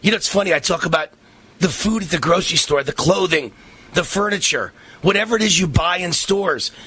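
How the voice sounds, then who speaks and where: A man's voice: high-pitched, lively intonation, brisk, breathy edge. A middle-aged man hosting a radio talk show, delivering a fiery, emphatic political monologue full of repetition. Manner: emphatic, repetitive, rising to shouts.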